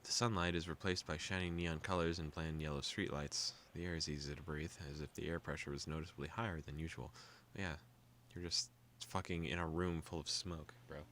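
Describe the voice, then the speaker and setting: A young man hosting a gaming video, calmly reading a visual novel aloud with joking asides. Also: a bass voice, fairly quick, hardly any pauses, slight background noise.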